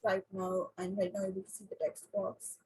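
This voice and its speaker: A woman teaching an online class, often asking the class questions and pausing with fillers. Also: mid-range voice, monotone, mellow, slightly rough, poor audio.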